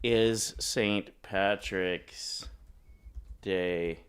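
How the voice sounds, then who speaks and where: A man's voice: deep voice, fairly even intonation, very slow, smooth. A man co-hosting a casual morning talk show, rambling and joking as he chats. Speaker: co-host.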